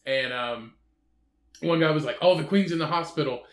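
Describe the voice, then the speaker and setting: A man co-hosting a podcast, chatting casually with crude jokes and animated storytelling. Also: on the high side, normal speed, reverberant. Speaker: podcast co-host. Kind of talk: casual chat.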